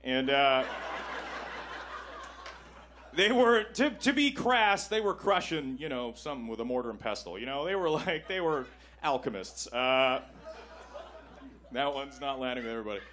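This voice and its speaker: A young man from Canada doing a stand-up set in a comedy club, self-deprecating and switching into quick voices for the people in his stories. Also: mid-range voice, expressive, fairly bright tone. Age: 20s.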